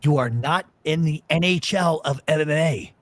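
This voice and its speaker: At a moderate pace and fairly high pitch, with no echo, a radio talk show host tells stories in casual chat. He argues bluntly and swears a lot.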